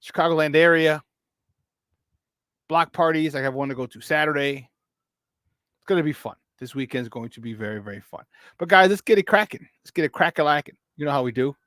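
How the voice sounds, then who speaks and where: A man's voice: on the high side, a little fast, pauses often, fairly bright tone, no room sound. A young man hosting a casual morning sports talk show, rambling loosely and slipping into Spanish phrases.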